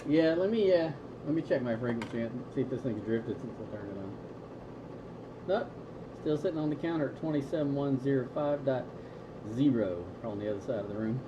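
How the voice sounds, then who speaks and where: A man on CB radio talking in a relaxed way about his equipment and frequencies. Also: mid-range voice, a little fast. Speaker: CB radio operator. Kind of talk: casual CB radio chat. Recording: lo-fi CB radio with static.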